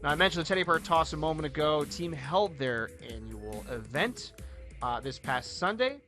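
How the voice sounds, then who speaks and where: Animated, bright-voiced man on a podcast. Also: fairly high pitch, normal speed, soft background music. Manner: animated, joking, jumps between loud and quiet. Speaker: podcast co-host, hockey coach. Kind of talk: casual sports podcast chat.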